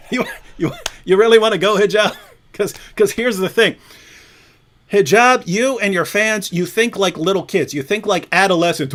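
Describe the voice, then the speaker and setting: A man's voice: high voice, normal speed, fairly bright tone. A man hosting a livestream, taunting and mocking with frequent laughs. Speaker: livestream host. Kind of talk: provocative livestream chat.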